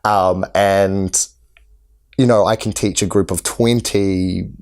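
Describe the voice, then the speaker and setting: Guy with a lowish voice, acting teacher, talks earnest and restarts a lot. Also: fairly even intonation, slow, a little mellow. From New Zealand. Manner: earnest, explanatory, with many restarts. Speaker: actor and acting tutor. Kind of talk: interview answers.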